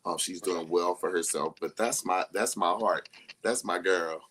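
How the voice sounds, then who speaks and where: Guest: young man, low-pitched, chatty storyteller who laughs easily. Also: unhurried, slightly rough. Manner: animated storyteller who laughs often and acts out quoted people. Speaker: interview guest. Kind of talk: casual live-stream chat.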